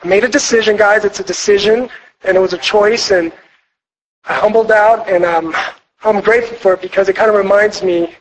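Earnest high-voiced man at a retreat. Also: fairly even intonation, fairly quick, slight background noise, low-quality recording. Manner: earnest, rambling, many fillers and restarts. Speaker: speaker sharing his testimony at a marriage retreat. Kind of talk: personal testimony talk to an audience. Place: church retreat hall.

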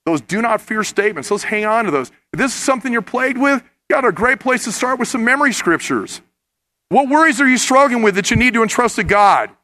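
Bright-voiced man preaching with fervor. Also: very high voice, expressive, fairly quick. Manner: earnest, rising to impassioned emphasis. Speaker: pastor. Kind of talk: sermon.

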